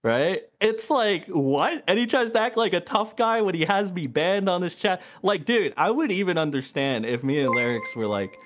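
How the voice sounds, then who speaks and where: A man's voice: high-pitched, animated, moderate pace, hardly any pauses, slight background noise. Ranting angry man on a call. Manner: angry, ranting, swears a lot. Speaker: streamer in a debate. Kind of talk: heated profane argument.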